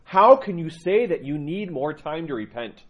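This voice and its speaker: A man's voice: fairly high pitch, sing-song, normal speed, pitched above the performer's own voice. A man voicing a group of astonished desert monks, asking pleading questions in a raised voice. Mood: incredulous.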